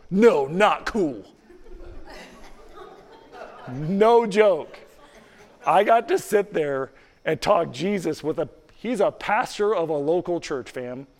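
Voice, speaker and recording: Storytelling preacher in a reverberant hall. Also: male voice, mid-range voice. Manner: conversational storytelling, acts out dialogue. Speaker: pastor. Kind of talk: sermon with storytelling and prayer. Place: church hall.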